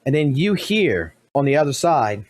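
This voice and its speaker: A man streaming live commentary, blunt and profane, talking fast and animated. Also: mid-range voice, no room sound.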